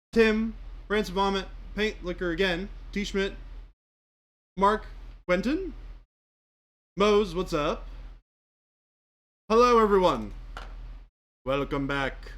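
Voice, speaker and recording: An upbeat man hosts a livestream in a casual, chatty way. His voice is notably high for a man. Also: slow, pauses often, a bit bright. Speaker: livestream host.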